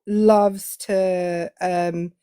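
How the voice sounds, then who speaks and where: Woman, guest caller, hesitant, lots of fillers, mid pitch, dry sound. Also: fairly even intonation, very slow, dark tone, clear, resonant tone, no room sound. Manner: hesitant, full of fillers and restarts. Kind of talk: casual chat.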